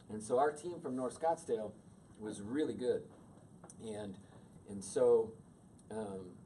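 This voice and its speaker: A man in his fifties, a workshop speaker telling a personal story to an audience in a conversational, animated way. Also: mid-range voice, slight background noise. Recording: distant mic with faint room ambience.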